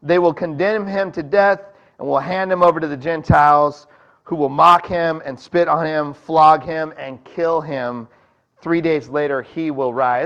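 A man's voice: fairly high pitch, a bit bright, highs cut off. A man preaching a sermon in a conversational way, talking to the congregation and acting out voices from the story. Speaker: pastor.

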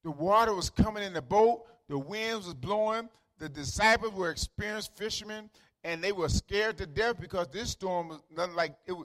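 High, bright-voiced preacher with dialect. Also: male voice. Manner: conversational, repeats words, calls out to listeners by name; swings from quiet asides to loud emphatic lines. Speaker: pastor. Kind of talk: sermon.

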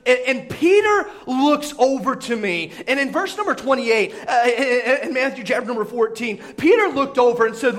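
High-voiced preacher retelling a story. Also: male voice, moderate pace, hardly any pauses. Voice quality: filler-heavy, repetitive. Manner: animated storytelling with sudden shouts and hushed asides. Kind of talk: sermon.

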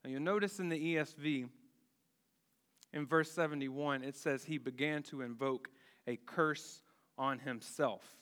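A man preaching a sermon, deliberate and emphatic, with dramatic pauses and rhetorical questions. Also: a little high, fairly bright tone. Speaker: pastor. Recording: long hall reverb.

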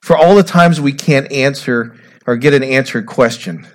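A man in his forties delivers a sermon as a pastor, his voice sitting at an ordinary middle pitch. He preaches dramatically, rising to loud, raised passages and then dropping to a hushed voice for storytelling. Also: moderate pace.

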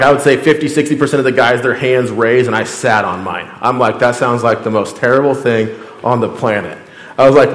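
Casual-talking man preaching in echoey hall. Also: medium pitch. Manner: conversational, acts out quoted dialogue, frequent "like". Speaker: pastor. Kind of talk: casual sermon with storytelling.

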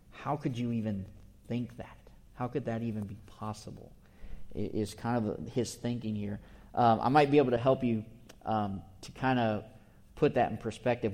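A male preacher of middle pitch with a mellow, warm tone, teaching a sermon verse by verse. He talks in a relaxed, conversational way, restarting phrases as he explains each word. He keeps checking in with his listeners by asking "right?".

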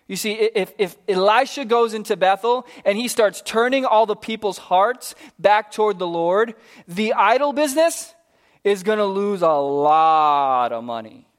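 A man preaching a sermon, telling a Bible story with animated, casual acted-out voices for its characters. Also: sits high.

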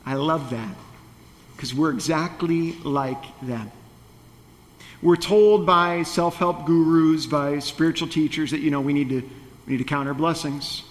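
A man preaching a sermon, chatty and playful, with wry asides to his congregation. His voice sits a touch high. The sound rings with the long reverb of a church hall. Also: a little slow. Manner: conversational, playful asides and acted quotes. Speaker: pastor.

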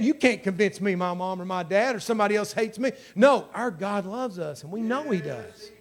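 A man preaching a sermon with passion, dropping to a hush and then building to loud, ringing calls. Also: high-pitched, animated, a little fast. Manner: impassioned, swinging from hushed to shouting.

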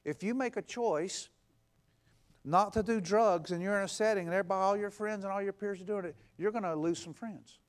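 A pastor preaching a conversational sermon, stacking emphatic, repeated phrases and acting out what people say. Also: male voice, high voice, brisk. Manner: repetitive, emphatic build-ups.

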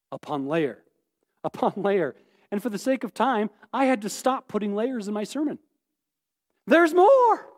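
A pastor preaching a sermon in a church, animated and playful, often quizzing the congregation, with echoey hall reverb. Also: male voice, very high-pitched. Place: church sanctuary.

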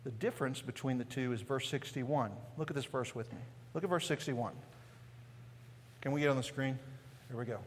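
Speaking a little fast but with long pauses, a medium-pitched man preaches in a church sanctuary with a big-room sound and a faint hiss or hum. The pastor hails from East Tennessee, has a Southern Appalachian accent, and keeps his sermon conversational with many rhetorical questions and "right?"

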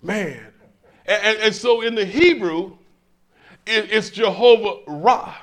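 An older man with a high voice preaches a sermon in church before a congregation, taking it slowly. He stammers and restarts, swells emphatically and poses call-and-response questions.

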